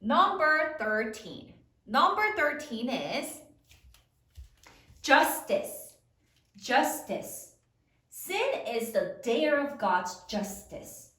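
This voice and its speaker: A woman teaching a spelling lesson to third graders, slowly sounding out each letter in a sing-song way. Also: high voice, very animated, sharp tone, reverberant, recorded from a distance. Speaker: elementary school teacher.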